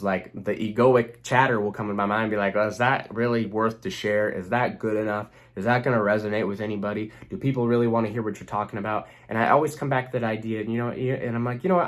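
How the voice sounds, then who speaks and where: Speaking in a mid-range voice, this young relationship coach addresses the camera earnestly, delivering a motivational self-help message and repeating phrases to drive points home.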